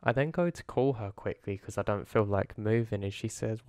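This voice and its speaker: Low-voiced man telling a horror story. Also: a little fast, hardly any pauses, darkish tone, dry recording, clean studio sound. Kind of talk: first-person horror story narration.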